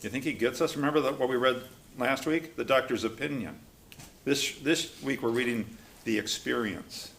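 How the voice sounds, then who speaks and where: A man's voice: mid-range voice, moderate pace, vocal fry. A man leading a recovery study class, talking casually and animatedly, acting out quotes as he goes. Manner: conversational, animated, acts out quotes. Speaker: class leader.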